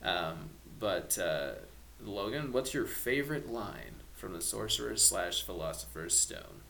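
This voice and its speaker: A man's voice: deep voice, lively intonation, measured pace, creaky, sharp tone, slight background noise, low-quality recording. A man hosting a casual podcast chat, leading the discussion and poking fun at himself. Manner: self-deprecating, leads the discussion. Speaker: podcast host.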